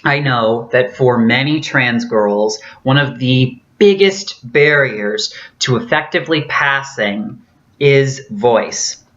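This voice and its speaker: A woman's voice: rumbling low, muffled recording. A woman vlogger giving an earnest, casual tutorial with a theatrically trained voice and many fillers.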